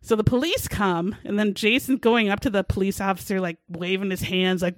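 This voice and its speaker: A woman hosting a podcast, retelling a true-crime story in a casual, animated way and laughing often. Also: mid-range voice, fairly quick, few pauses, no echo. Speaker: podcast host.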